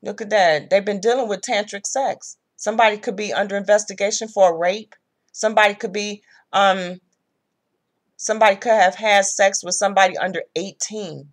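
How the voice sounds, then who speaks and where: A woman's voice: medium pitch, steady tone, moderate pace. Blunt, profane woman tarot reader. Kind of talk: casual tarot reading.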